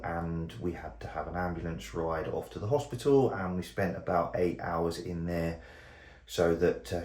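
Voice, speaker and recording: A man's voice: sits low, darkish tone. A man chatting casually to an action camera while out running, a little out of breath at times. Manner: chatty, talks straight to camera. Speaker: tech reviewer. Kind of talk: casual vlog chat. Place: outdoors on a run. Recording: outdoor noise and wind.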